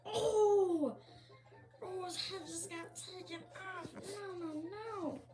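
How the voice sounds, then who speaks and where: A performer voicing Yoshi, a small dinosaur creature, hosting a reaction video and groaning and pleading at each clip, with a slightly rough morning throat. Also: extremely high pitch, slow pace, full character voice. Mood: dismayed. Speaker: reaction channel host.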